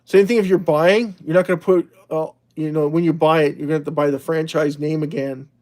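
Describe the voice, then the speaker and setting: A man hosting a livestream in a loose, rambling way, chatting with viewers and reading their messages aloud. His voice sits a little higher than most men's. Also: fairly even intonation, fairly quick, a little mellow. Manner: rambling, chatty, with frequent restarts and laughs. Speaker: livestream host. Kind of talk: casual livestream talk reading out chat.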